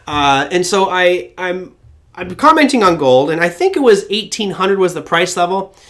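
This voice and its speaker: Man, slightly high voice, casual market talk, chats with viewers, animated. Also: moderate pace. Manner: casual and conversational, chatty with viewers; animated storyteller who breaks into impressions. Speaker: trading show host. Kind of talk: live-stream market commentary.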